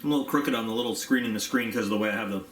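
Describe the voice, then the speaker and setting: A man's voice: on the low side, rapid-fire. A man giving a casual unboxing review, chatty and rambling with fillers, sometimes talking while he chews. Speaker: product reviewer. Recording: echoey room, faint background hum.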